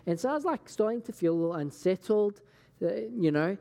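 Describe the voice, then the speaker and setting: Scottish male pastor, mellow, slightly high voice, casual storytelling sermon, echoing hall. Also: big pitch swings, fairly quick. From Scotland. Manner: casual, chatty, acts out conversations. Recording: long hall reverb.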